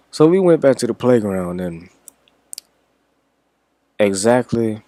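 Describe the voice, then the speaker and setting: A young adult man from Washington, D.C., a reaction vlogger, tells a story in a laid-back, rambling way with plenty of swearing. His fairly low voice is expressive and mellow, at a moderate pace with long pauses, in a dry recording.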